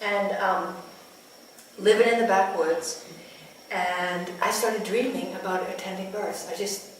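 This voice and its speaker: A woman in her sixties, a midwife, tells stories to listeners in a workshop room, laughing often as she goes. Her voice is medium in pitch and her pace is measured. The recording is noisy and very echoey, picked up by a distant mic.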